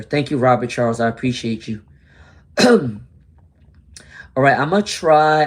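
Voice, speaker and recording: Male tarot streamer, casual and chatty, reads for viewers live, mid-range voice. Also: medium pitch. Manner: chatty, answers viewers by name, mutters while searching.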